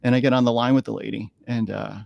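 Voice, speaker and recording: A creaky, mid-range male voice comes through fast and fairly even in a dry, dull-sounding recording. The speaker, an animal communicator guest in a podcast studio, tells earnest stories and often repeats words as he pulls his thoughts together.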